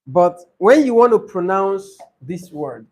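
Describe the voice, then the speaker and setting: A man with a high voice and a Nigerian English accent leads a pronunciation lesson. He speaks emphatically and repeats key words so they stick. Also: very animated, unhurried, darkish tone. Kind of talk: classroom teaching.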